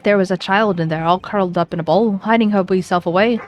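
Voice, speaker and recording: A woman voicing a chatty, rambling Irish gentleman witness in a put-on Irish accent, full of folksy phrases, over faint game music. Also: medium pitch, quick pace, dull audio, natural voice. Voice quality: lilting, folksy turns of phrase.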